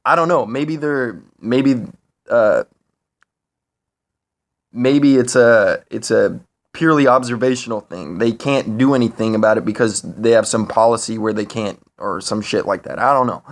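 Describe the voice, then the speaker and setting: A man talking to camera in a rambling, profane monologue, full of fillers and restarts, getting higher and louder when he is worked up. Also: moderate pace. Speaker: vlogger. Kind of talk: casual monologue.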